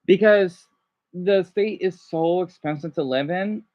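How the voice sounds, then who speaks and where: A man's voice: high voice, measured pace. A man in his thirties rambling through casual vlog commentary while riding in a vehicle. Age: 30s. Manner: rambling, chatty, self-correcting. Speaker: vlogger. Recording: dull, lo-fi recording.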